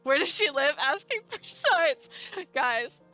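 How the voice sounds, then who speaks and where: A woman streamer commenting on a dating game, excitable and mock-furious. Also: high voice, takes it slowly, faint music behind.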